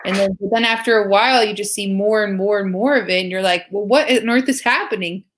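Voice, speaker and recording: A woman from the United States co-hosts a casual discussion at an ordinary pitch. She thinks aloud, packing her sentences with fillers and loose asides. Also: fast talker, a little hiss or hum. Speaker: co-host.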